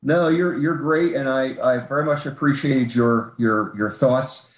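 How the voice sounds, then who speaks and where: A man's voice: medium pitch, measured pace. A man asking a question in a casual group conversation, thoughtful and rambling, with many restarts. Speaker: audience member asking a question. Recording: roomy echo.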